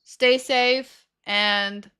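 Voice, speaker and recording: A woman's voice: on the high side, steady tone, very slow, background noise. A young woman livestreaming a game, chatting playfully with her viewers and laughing often. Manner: giggly, playful, talks to chat. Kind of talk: casual game stream chat.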